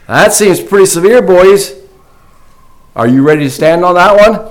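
A man voicing a calm, firm young schoolteacher who speaks in a measured way, inside a story read in a sermon. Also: sits high, voice pushed up, rough recording.

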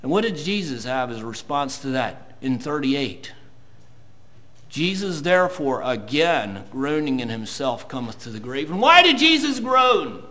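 A man preaching a sermon, reading scripture slowly and building to loud, emphatic points. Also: medium pitch, animated. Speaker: pastor.

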